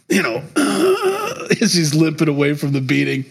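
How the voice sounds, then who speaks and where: A man's voice: on the high side, big pitch swings, moderate pace, husky. A middle-aged man preaching a sermon as pastor, talking in a loose, conversational way and chuckling between points.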